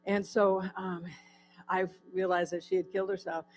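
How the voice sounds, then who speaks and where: A woman's voice: mid-range voice, little pitch movement, moderate pace, faint music behind, rough recording. A woman from California giving a personal testimony to a church audience, telling her story with many fillers and asking the audience questions. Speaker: guest speaker. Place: church hall.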